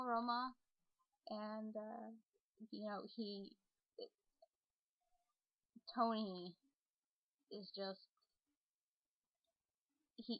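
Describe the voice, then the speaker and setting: A young woman talks to her followers in a loose, rambling way, leaning on fillers and restarting her sentences. Her voice sits at an ordinary pitch and sounds dry and close. The webcam audio is dull and lo-fi. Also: no room sound. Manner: chatty, many fillers and restarts. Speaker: vlogger and online role-player. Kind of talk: rambling casual monologue.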